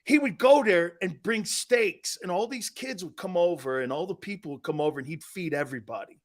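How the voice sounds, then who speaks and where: A middle-aged man hosting a sports talk show, telling stories loudly, laughing often and acting out what his friends and family said. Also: high-pitched, fairly quick. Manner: loud, laughing, excitable, acts out quotes from friends and family. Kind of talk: animated storytelling on a sports show.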